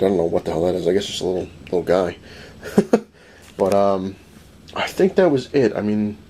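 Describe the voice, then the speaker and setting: Man, low voice, casual vlog storytelling, rambling and animated, faint room hum. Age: adult, married. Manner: rambling, animated retelling with many "he's like" quotes and laughs. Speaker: comic collector vlogger. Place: home room full of comic collectibles.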